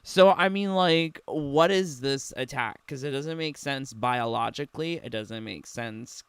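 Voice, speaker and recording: A man's voice: mid-range voice, measured pace, a bit bright, clean tone, no room sound. A young man giving casual, sarcastic reaction commentary on a game trailer, laughing often and filling his talk with "like". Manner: sarcastic, giggly, filler-heavy.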